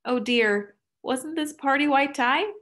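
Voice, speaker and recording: A woman's voice: sits high, slow pace, a bit bright, pitched above the performer's own voice. A woman voicing a polite, bemused young man who speaks with mild, startled courtesy.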